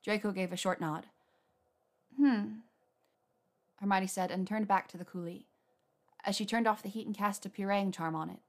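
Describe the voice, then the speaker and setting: A woman's voice: medium pitch, steady tone, fairly quick. Woman reading a story aloud. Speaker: narrator.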